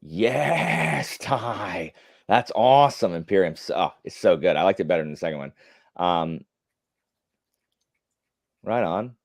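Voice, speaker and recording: A man with a very low, slightly mellow voice hosts a casual livestream from home, reading viewer comments aloud. He sounds animated at a moderate pace, with long pauses, and his talk rambles through fillers and restarts, punctuated by blunt opinions. The recording is close and dry, with no room sound around it.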